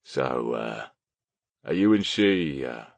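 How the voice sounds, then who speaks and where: Brief: loud, jokey bloke, read by a male narrator, big lively swings. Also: very deep voice, slow, vocal fry, no echo, highs cut off, pitched below the performer's own voice, exaggerated voice. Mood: chummy. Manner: boisterous, laughing, gossipy.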